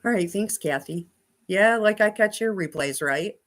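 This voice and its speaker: A woman's voice: mid-range voice, expressive, moderate pace. A woman hosting a casual quilting livestream from her home sewing room, chatting with viewers about their comments and talking to her dog.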